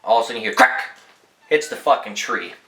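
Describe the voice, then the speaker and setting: A young man tells casual, rambling anecdotes, swearing freely in a relaxed way. His voice sounds bright and forward. The room around him is echoey. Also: medium pitch, quick pace. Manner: laid-back, profane, rambling anecdotes. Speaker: podcast host. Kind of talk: casual storytelling.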